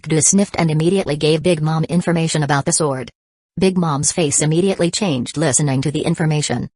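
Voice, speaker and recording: A woman's synthetic voice narrating a web novel audiobook in a flat, even reading. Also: sits low, brisk, dry recording.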